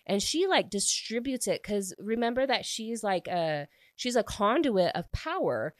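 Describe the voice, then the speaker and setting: A young adult woman excitedly recapping a book she loved, talking fast and gushing, with a constant filler "like". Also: mid-range voice, dry recording, clean studio sound. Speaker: book reviewer.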